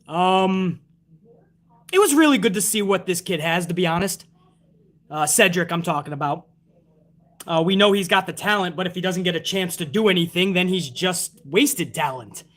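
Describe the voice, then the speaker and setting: High-voiced profane wrestling ranter. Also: male voice, normal speed, fairly bright tone. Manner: profane, ranting, sarcastic. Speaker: wrestling show reviewer. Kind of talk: casual live-stream commentary.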